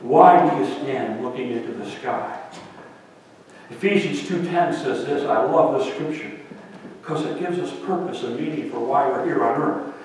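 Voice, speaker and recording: A male pastor preaching a lively sermon in a church, swinging between loud and hushed. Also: mid-range voice, moderate pace, a little hiss or hum. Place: church sanctuary. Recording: echoey hall, voice from far off.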